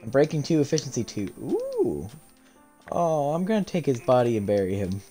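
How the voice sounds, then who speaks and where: Guy streaming a game, super animated, keeps talking to the characters, faint music behind. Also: medium pitch, normal speed. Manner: animated, talks to game characters, laughs often. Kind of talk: live gameplay commentary.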